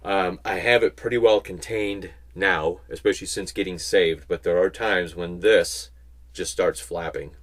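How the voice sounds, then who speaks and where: A man giving a casual Bible teaching, chatting with rambling asides and slowing down to stress key points. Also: low-pitched, steady tone. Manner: conversational, rambling asides, slow emphatic stresses. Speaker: Christian speaker.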